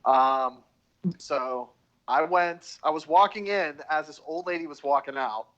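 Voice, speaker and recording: A podcast co-host trading profane, jokey stories in casual chat. His voice sits fairly high, and the recording sounds a little dull and lo-fi. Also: unhurried, a bit bright.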